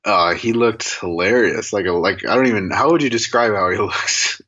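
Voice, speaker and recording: A man's voice: on the low side, moderate pace, highs cut off. A man co-hosting a podcast, bantering casually with dry jokes and rambling asides. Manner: joking, rambling, deadpan banter. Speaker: podcast co-host.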